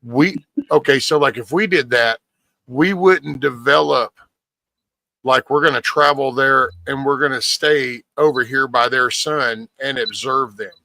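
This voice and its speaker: Bright-voiced man rambling in casual chat. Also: mid-range voice, measured pace, vocal fry, no room sound. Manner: rambling, restarts a lot.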